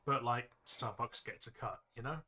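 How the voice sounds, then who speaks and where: Chatty man with a bright voice. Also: mid-range voice, moderate pace. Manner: chatty storyteller, dry and fussy about words. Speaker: streamer. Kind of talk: casual chat.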